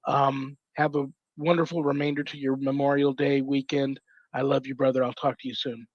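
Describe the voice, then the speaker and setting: A man's voice: mid-range voice, little pitch movement, normal speed, no echo. Effusive male host, muffled lo-fi sound. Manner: effusive, affectionate. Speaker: show host. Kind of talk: casual sign-off chat with guests. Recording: dull lo-fi sound.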